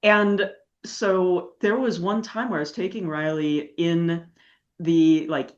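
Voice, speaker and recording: Female podcast host, lower register, relaxed and responsive, muffled lo-fi mic. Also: takes it slowly. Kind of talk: casual interview chat.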